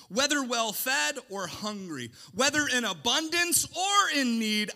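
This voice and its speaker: A man preaching a sermon, animated and sarcastic, swinging between hushed asides and shouted points. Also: extremely high pitch, takes it slowly, gravelly, long pauses.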